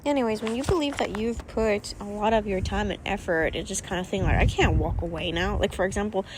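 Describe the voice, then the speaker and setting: A woman's voice: medium pitch, fast, background noise. A young woman talking casually to camera as a vlogger and coach, rambling with lots of fillers and repeated words. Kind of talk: casual vlog talk.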